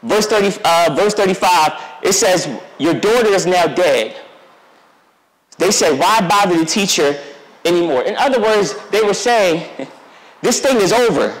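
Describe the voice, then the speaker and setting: This youth pastor speaks in a high voice with lively intonation and a measured pace. He delivers a conversational sermon straight to the congregation, occasionally performing the voices of Bible figures. The recording carries a church sanctuary's long reverb.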